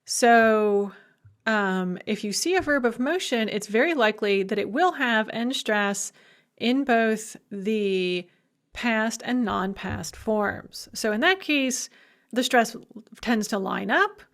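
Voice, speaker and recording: A woman teaches in a recorded lecture with a slightly raised pitch. She talks emphatically and keeps it lively with playful asides. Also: slow. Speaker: language instructor.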